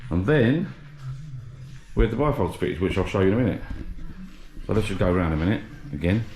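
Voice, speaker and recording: A man's voice: low-pitched, expressive, brisk, a little mellow, a little hiss or hum. A man walking and talking out of breath, chatting casually as he shows a renovation on a handheld camera. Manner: chatty, rambling, with restarts. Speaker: vlogger showing a renovation. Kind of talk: casual walk-and-talk vlog. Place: outdoors walking, then inside a building site.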